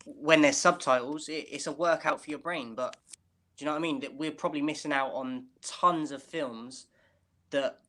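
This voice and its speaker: A man's voice: fairly high pitch, fairly even intonation, normal speed, sharp tone. A British man co-hosting a casual chat over a video call, rambling and asking "do you know what I mean". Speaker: podcast co-host.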